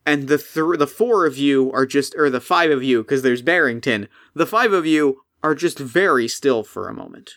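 A man narrating a tabletop game as game master, slow and hesitant with many restarts. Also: mid-range voice, animated, a bit bright.

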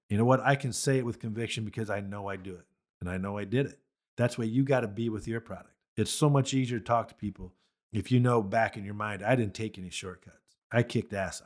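A man who raises beef cattle, hosting a podcast and talking bluntly and emphatically about marketing with folksy conviction. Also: on the low side. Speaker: cattle farmer and podcast host. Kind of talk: motivational podcast talk.

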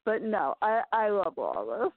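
A woman chatting casually about a film, retelling scenes in an animated, rambling way with lots of filler words. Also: mid-range voice, unhurried, no echo. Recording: tinny phone-like sound.

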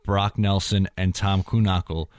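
A man's voice: low-pitched, fairly even intonation, unhurried, darkish tone, dry recording, clean studio sound. A man hosting a hockey podcast in casual chat, steering the talk and citing stats.

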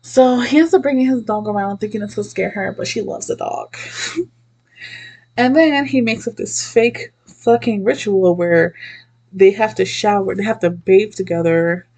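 Chatty young woman with vocal fry. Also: medium pitch, measured pace, darkish tone. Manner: chatty, swears freely, laughs often, lots of "like". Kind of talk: casual story recap.

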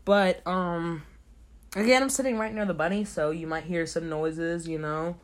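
A man's voice: on the high side, steady tone, normal speed. A young man hosting a casual solo advice podcast late at night, sleepy, emphatic and repeating words for stress. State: sleepy, recording at 3 a.m. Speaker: podcast host. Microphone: home podcast mic.

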